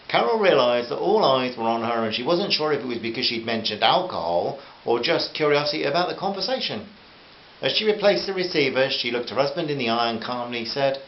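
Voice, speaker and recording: A man's voice: medium pitch, very animated, a little fast. Man reading a novel in a roomy room. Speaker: narrator reading his own novel. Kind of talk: audiobook narration. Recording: roomy, dull, hissy home recording.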